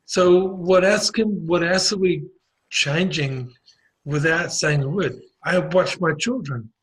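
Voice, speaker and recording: Husky New Zealand man telling stories. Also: fairly high pitch, slow pace, fairly bright tone, rough recording. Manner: rambling storytelling with many restarts and fillers. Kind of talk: casual conversational chat.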